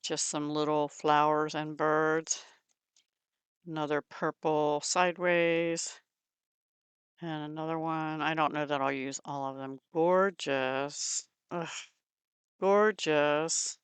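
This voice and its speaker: A woman's voice: low-pitched, steady tone, slow pace, clear, resonant tone, dry recording. A middle-aged woman hosting a crafting channel, chatting casually in her craft room and gushing over supplies with murmured asides.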